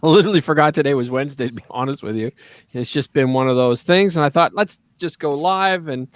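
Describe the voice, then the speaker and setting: A man's voice: fairly high pitch, fairly bright tone, smooth, no echo. A man hosting a live paintball stream, rambling casually, joking and chuckling. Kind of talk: casual chat.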